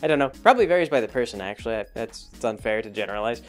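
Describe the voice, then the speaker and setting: A man's voice: fairly low pitch, lively intonation, rapid-fire, faint music behind. A young man chatting casually as a blog host, rambling and hesitant, with many fillers and restarts. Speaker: blog host reviewing a show. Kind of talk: casual chat.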